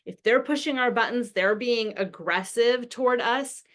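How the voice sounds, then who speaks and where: A woman's voice: a little high, unhurried, fairly bright tone. A middle-aged woman explaining parenting ideas in an earnest way, acting out what a parent might say with big emotion. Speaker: parenting expert. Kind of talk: explaining to camera.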